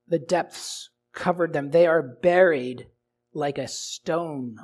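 Speaking at a slow pace, a man preaches to his congregation with rhetorical questions, shifting from loud, emphatic passages to quiet, low ones.

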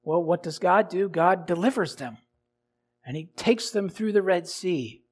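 A man preaching a sermon in a notably high voice, asking his listeners question after question. He takes his time, moving between loud, stressed phrases and quiet, dropped lines. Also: a little slow, slightly rough. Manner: asks the congregation rhetorical questions. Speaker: pastor.

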